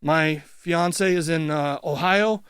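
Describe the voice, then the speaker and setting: Blunt, higher-voiced man telling a story. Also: fairly bright tone, clean tone, no echo, studio quality. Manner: blunt, swears freely, retells events in quick clipped phrases. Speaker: interview guest. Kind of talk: casual storytelling. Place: radio studio. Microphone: studio microphone.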